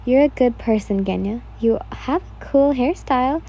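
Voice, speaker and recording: A woman's voice: fairly high pitch, normal speed, dark tone, rough recording. A woman voicing a brash, swearing young woman in a read-aloud fan fiction story. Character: young woman Yin, the brash listener character.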